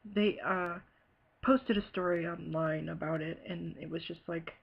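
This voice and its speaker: A woman from Ohio telling a personal story in a halting, hesitant way, full of fillers and pauses. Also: fairly low pitch, steady tone, creaky, husky, highs cut off. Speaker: bereaved sister telling her story. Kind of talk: personal testimony.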